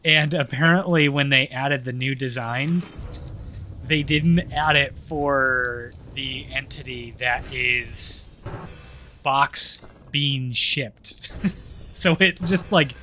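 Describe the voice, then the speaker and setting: A man's voice: on the high side, slow, pushed and bright, a little hiss or hum. A man streaming live gameplay, chatting and laughing often, trailing off mid-sentence.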